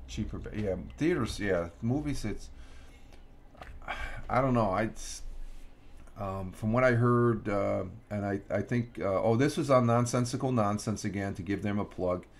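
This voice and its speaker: A man's voice: lowish voice, creaky, slight background noise. A man hosting a casual morning livestream from home, rambling through the day's notes with many restarts and fillers. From Upstate New York. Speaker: livestream host. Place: home room.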